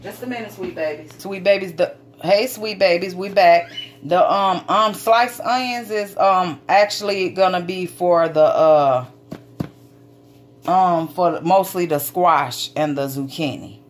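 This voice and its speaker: A woman's voice: lowish voice, measured pace, a little hiss or hum. A woman giving a casual cooking demonstration in her home kitchen, chatting folksily with her viewers and swearing now and then.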